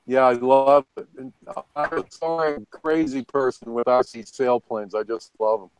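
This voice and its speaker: A man's voice: mid-range voice, normal speed, clean tone, no echo, poor audio. A man on a video call, chatting casually and rambling through anecdotes with chuckles. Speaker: guest on a hobby video hangout. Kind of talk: casual storytelling chat.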